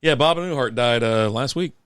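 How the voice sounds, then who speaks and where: A man's voice: mid-range voice, moderate pace, fairly bright tone, clean tone, dry recording, clean studio sound. A man co-hosting a casual podcast, blunt and profane, laughing often. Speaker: podcast co-host. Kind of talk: casual chat.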